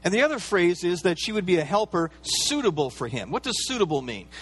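A pastor preaching a sermon in a relaxed, conversational way, with playful asides and everyday fillers. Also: male voice, high voice, fairly quick, husky, soft background music.

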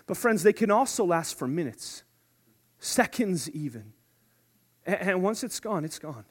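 A man with a high voice delivering a sermon to his congregation. He is animated and playful, dropping to a hush and then climbing to excited shouts. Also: unhurried, slightly rough. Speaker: preacher.

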